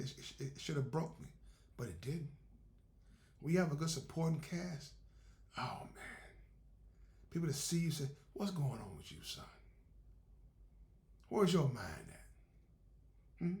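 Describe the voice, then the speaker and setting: A motivational speaker gives a faith-based talk in a conversational, repetitive, preacherly style. His voice is fairly high in pitch, with vocal fry.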